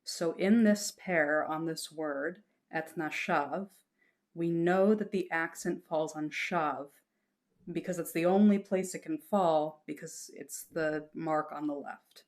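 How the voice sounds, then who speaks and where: Slow, low-voiced woman teaching patiently. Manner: patient, reassuring. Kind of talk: slow-paced lesson with chanted examples.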